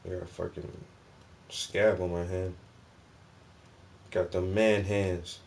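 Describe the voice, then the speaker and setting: A man's voice: deep voice, little pitch movement, slow pace, vocal fry, a little mellow. A man hosting a painting stream, chatting casually and cursing while he paints. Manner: laid-back, profane muttering. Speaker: painting host.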